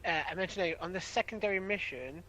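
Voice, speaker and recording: An eager man with a fairly high voice, asking rule questions and chatting about the game. Light background hiss sits under his voice. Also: quick pace, bright, forceful tone, poor audio. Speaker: player. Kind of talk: casual tabletop game chat.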